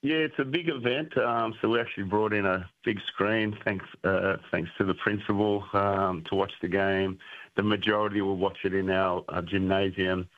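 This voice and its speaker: Deep-voiced man on a tinny phone line. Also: moderate pace. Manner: relaxed, full of ums and uhs. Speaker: school sports director, guest. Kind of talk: phone interview.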